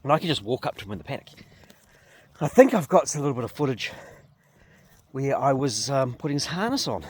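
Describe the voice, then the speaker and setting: Very animated and brisk, this New Zealand sheep farmer speaks in a mid-range, slightly mellow voice with a breathy edge and frequent pauses. He hosts a casual outdoor vlog in a paddock, explaining things and talking to his animals.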